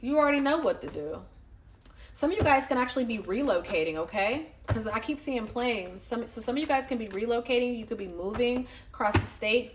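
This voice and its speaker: A woman giving a casual tarot reading to her viewers, excitable, swearing freely and laughing often. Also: fairly high pitch, background noise. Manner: excitable, profane, talks straight to viewers. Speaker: tarot reader.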